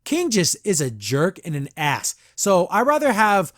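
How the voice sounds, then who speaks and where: A man hosting a podcast, reviewing a cartoon episode in a rambling, animated way, often restarting and acting out the characters' lines. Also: high-pitched, unhurried, no echo, clean studio sound. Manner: rambling, animated, with frequent restarts and acted-out quotes.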